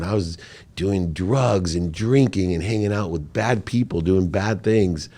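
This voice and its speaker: A man with a deep, slightly slow voice is a guest on a podcast interview. He tells an emotional personal story with animated, emphatic delivery.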